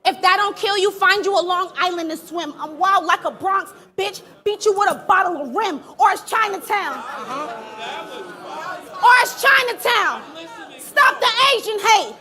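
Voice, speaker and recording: A woman spits battle-rap bars in a very high, piercing voice. She delivers taunting, aggressive punchlines, often shouting them out over a live event with a faint crowd behind her. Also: normal speed, few pauses. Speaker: battle rapper.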